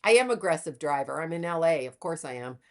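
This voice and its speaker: A woman's voice: sits low, expressive, quick pace, crowd noise. A woman guest on a podcast who works as an astrologer, speaking bluntly and swearing casually in a matter-of-fact way. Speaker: astrologer and psychic medium guest. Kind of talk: casual interview chat.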